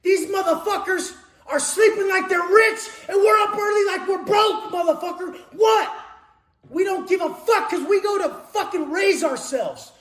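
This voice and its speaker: A man delivers a motivational rant in a very high, strained register, swearing constantly and taunting the listener. He often breaks into shouting. The recording has a roomy echo. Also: moderate pace. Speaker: motivational speaker. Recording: echoey room.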